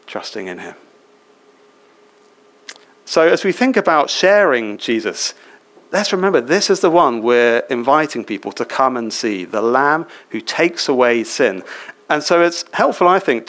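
A man's voice: mid-range voice, a bit bright. A man preaching a sermon in a church, chatty and engaging, often asking the congregation questions. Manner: conversational, asks the congregation questions.

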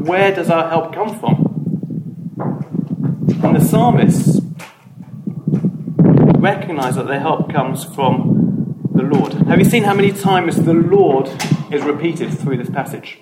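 A man leading an informal Bible study, earnest, often repeating words and putting questions to the group. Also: a little high. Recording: echoey room, faint noise.

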